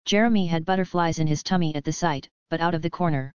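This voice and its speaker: An audiobook narrator reading a children's adventure story in an even, measured way. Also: mid-range voice, smooth, no echo. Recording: dull, dry sound.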